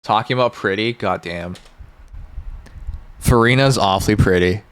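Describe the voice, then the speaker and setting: A man's voice: lowish voice, normal speed, smooth. A man streaming live, chatting casually and joking with his viewers in a rambling way. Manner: rambling, joking, talks to chat.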